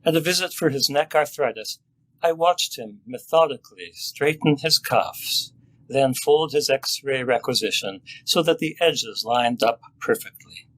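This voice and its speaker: A husky, slightly breathy older man reads a personal story aloud. His delivery is measured and sober, with a mid-range pitch and a reflective pace. He sounds like a family doctor recalling his own patients. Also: expressive, fairly bright tone, rough recording.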